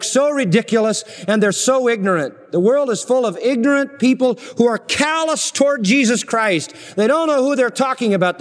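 Male preacher, slightly high voice, emphatic, repeats lines for weight, long hall reverb. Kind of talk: expository sermon.

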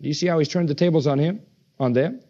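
Male preacher, high voice, forceful and emphatic delivery, muffled lo-fi recording. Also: fast talker. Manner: emphatic, acts out quoted voices with rising pitch. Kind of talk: sermon. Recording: dull lo-fi sermon recording.

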